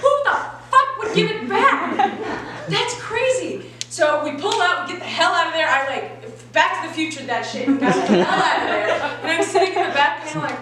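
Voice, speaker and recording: High-voiced woman doing stand-up in an echoey room. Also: brisk, far from the mic, over a noisy crowd. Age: 20s. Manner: profane, animated storytelling with frequent laughs. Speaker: stand-up comedian. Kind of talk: stand-up comedy set. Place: comedy venue stage. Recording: echoey live room, mic from afar. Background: audience.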